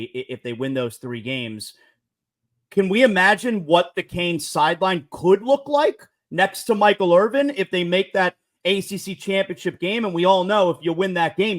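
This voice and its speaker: A man hosting a sports talk show, asking his guest conversational questions with some hedging. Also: sits high.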